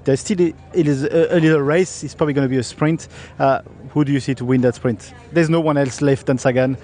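Male host, slightly high pitch, halting delivery. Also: steady tone, mellow. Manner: hesitant, many uh fillers. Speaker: podcast host. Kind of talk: casual chat.

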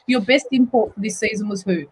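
A woman's voice: mid-range voice, fairly quick, husky, poor audio. A woman hosting a casual sports panel chat, teasing the panelists and laughing often. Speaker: host.

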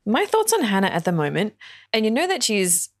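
A woman's voice: mid-range voice, huge pitch swings, brisk. A woman co-hosting a podcast, talking earnestly about a TV show with lots of "like" and "you know". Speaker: podcast co-host. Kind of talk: casual TV recap chat.

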